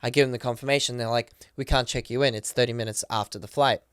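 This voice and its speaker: A man on a podcast as a guest, telling a story casually, excitedly and quickly, with lots of "like" and acted-out quotes. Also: medium pitch, clear, resonant tone, no room sound, clean studio sound. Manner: excited, rapid retelling full of "like" and acted quotes. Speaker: podcast guest, professional dancer.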